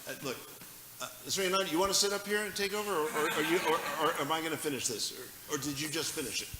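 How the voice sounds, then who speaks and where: A man's voice: on the high side, quick pace, big-room sound, heavy background noise. A man teaching a class on scripture, reciting verses with emphasis and making joking asides to his audience. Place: temple hall.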